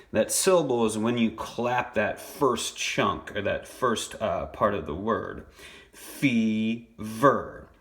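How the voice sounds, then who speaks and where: A young man with a slightly low voice teaches children a phonics lesson. He sounds out each syllable slowly and patiently and repeats words for his pupils. He records it on a phone held in his hand. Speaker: elementary school teacher.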